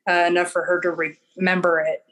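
A woman, a mother and interview guest, speaking in an earnest, reflective, halting way. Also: on the low side, flat delivery, fairly bright tone, poor audio. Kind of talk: casual interview chat.

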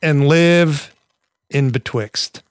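A man's voice: a little high, drawn-out words, background noise. A man co-hosting a podcast in casual chat, laid-back and jokey, rambling as he talks. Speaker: podcast co-host.

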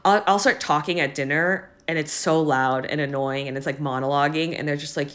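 A young woman with a somewhat low voice talks in a loose, halting podcast chat. She is teary, full of fillers and restarts, and laughs now and then through the tears. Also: fairly bright tone. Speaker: podcast co-host. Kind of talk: casual chat.

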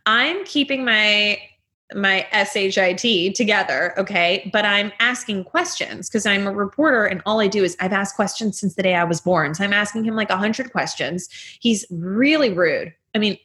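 Female guest, casual chatty storyteller, animated and dramatic, acts out the dialogue she quotes. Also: medium pitch, moderate pace. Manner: animated, chatty, leans heavily on "like". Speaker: guest telling a personal story.

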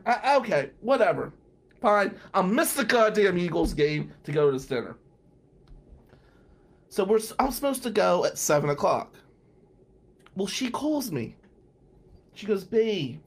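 Animated storytelling man, fairly high voice. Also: a little slow, pauses often. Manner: animated, swears, acts out both sides of conversations. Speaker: podcast host, defense attorney. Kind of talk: casual storytelling.

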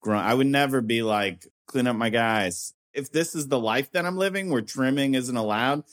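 Man, comedian guest, deadpan, thinking out loud, crude one-liners. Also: mid-range voice, moderate pace. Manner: deadpan, musing, crude jokes. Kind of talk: casual comedic chat.

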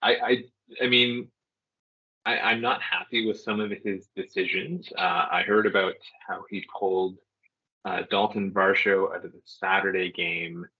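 A man's voice: low voice, fairly even intonation, unhurried, slightly rough, dull audio. A man co-hosting a sports podcast in casual chat, hesitant and full of fillers as he weighs his opinions. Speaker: podcast co-host.

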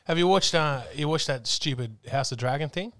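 A man's voice: on the high side, fairly quick, fairly bright tone. Rowdy Australian man, mid voice. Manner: blunt, rowdy quips. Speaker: podcast co-host. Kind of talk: crude casual banter.

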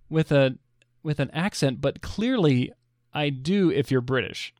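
This American podcast co-host speaks at a moderate pace in an animated voice on the high side, captured in a dry, studio-quality recording. He talks casually, laughing readily and stumbling over fillers.

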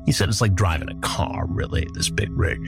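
A man hosting a podcast, retelling a story in a measured, dramatic way. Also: low-pitched, creaky, over music. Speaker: podcast host. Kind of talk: storytelling narration.

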